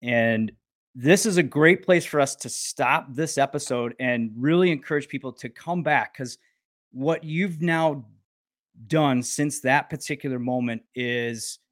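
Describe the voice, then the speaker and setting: Dude hosting a podcast, calm and measured, mid pitch, super dry close sound. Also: male voice, dry recording. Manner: calm, measured, listening with short affirmations. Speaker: podcast host. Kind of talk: interview hosting.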